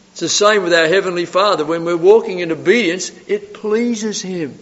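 A man preaching a sermon, putting rhetorical questions to his listeners and swinging between loud emphasis and soft asides. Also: high voice, brisk. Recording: reverberant hall, dull lo-fi sound.

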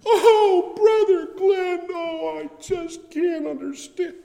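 A man voicing a distraught, sobbing middle-aged woman on the phone in a shrill, wailing voice. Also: animated, slow pace, in a large hall, slight background noise, heavily acted.

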